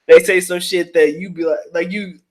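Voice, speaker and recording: A man's voice: sits high, fairly even intonation, moderate pace, darkish tone. Blunt, profane man host chatting live. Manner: profane, blunt, laughing, street slang. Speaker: livestream host reading viewer comments. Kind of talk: casual livestream chat.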